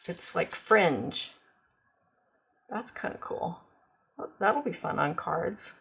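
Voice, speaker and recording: A woman's voice: lowish voice, lively intonation, slow pace, gravelly, a bit bright, slight background noise. A woman demonstrating craft products in a casual, chatty show-and-tell, full of ums and gushing over cute designs.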